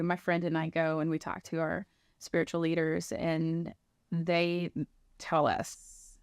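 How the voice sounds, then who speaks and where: A woman's voice: on the low side, clear, resonant tone, no room sound, studio quality. A woman in her thirties sharing a personal testimony, earnestly telling her story and acting out what people said to her. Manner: earnest storytelling, acts out quoted dialogue.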